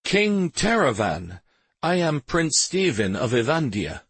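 A man reading as a resolute young prince who leads warriors and speaks in short, firm commands. His voice sits higher than the narration and stays husky, with slow, deliberate delivery. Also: sing-song, no room sound, exaggerated voice. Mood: commanding. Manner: firm, demanding; gentle with the frightened.

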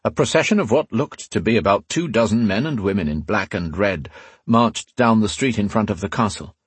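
Man reading a fantasy book out loud, low husky voice, dry close sound. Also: expressive, moderate pace, no room sound. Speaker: audiobook narrator. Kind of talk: scripted narration.

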